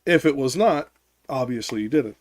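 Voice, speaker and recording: A man in a loose podcast discussion who argues his side with insistence. He restarts his sentences often and drops a swear word to drive a point home. His voice sits at an ordinary middle pitch. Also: lively intonation, moderate pace. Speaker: podcast co-host. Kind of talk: casual discussion.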